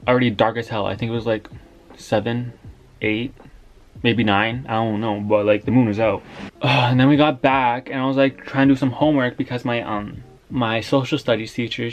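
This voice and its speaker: A young man telling a story time in a casual, slangy, rambling way, filling his talk with "like". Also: mid-range voice.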